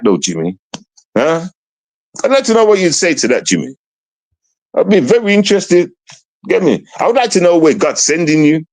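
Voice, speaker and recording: A man's voice: fairly high pitch, darkish tone, no room sound. A male streamer talking in casual stream chat, taunting and swearing a lot.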